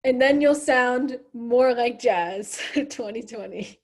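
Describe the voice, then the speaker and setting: A woman's voice: a little high, takes it slowly. A young woman hosting a casual chat over a video call, upbeat and chatty, leaning on "like" and "you know". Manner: chatty and upbeat, heavy use of "like".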